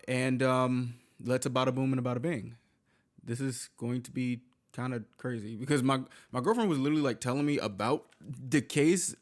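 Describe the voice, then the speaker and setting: A man in a mid-range voice chats loosely as a reaction host, rambling and restarting his sentences. He throws in quick, blunt reactions. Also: medium pitch. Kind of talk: casual chat.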